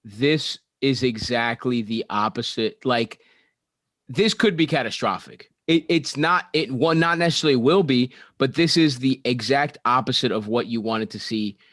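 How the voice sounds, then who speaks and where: A man's voice: mid-range voice, normal speed, fairly bright tone, no echo, clean studio sound. A young man co-hosting a sports podcast in casual chat, making crude jokes and laughing often. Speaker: podcast co-host.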